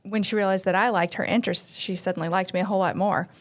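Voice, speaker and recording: A woman from Arkansas, a pastry chef guest, telling her story in relaxed conversation. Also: mid-range voice, fast talker. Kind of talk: casual interview chat.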